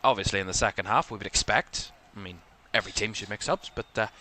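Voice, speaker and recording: A man's voice: lowish voice, fast talker, pushed and bright. A man with a Northern Irish accent from Belfast, hosting live watchalong commentary in a rambling way, full of fillers. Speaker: host.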